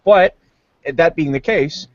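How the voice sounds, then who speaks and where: A man's voice: fairly high pitch, takes it slowly, no room sound. A man talking bluntly in a casual online chat, mocking and stumbling over repeated words. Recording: dull lo-fi voice call.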